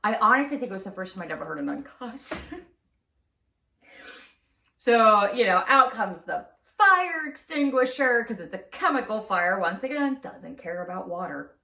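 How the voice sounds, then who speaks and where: A woman's voice: medium pitch, sing-song, moderate pace, gravelly, bright, forceful tone, recorded from a distance. Chatty woman in a roomy space. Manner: chatty, laughs often. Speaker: craft channel host. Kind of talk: casual storytime. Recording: roomy echo.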